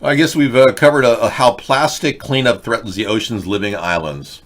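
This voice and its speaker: A man's voice: mid-range voice, normal speed, a bit bright. A man hosting a political talk show, talking in a mocking, sarcastic way and jumping between bits and rants. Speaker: host.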